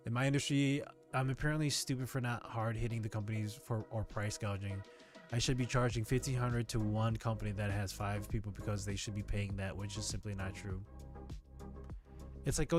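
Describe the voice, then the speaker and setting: A man's voice: lowish voice, fairly quick, soft background music. A man streaming live in casual chat, rambling and ranting with frequent swearing.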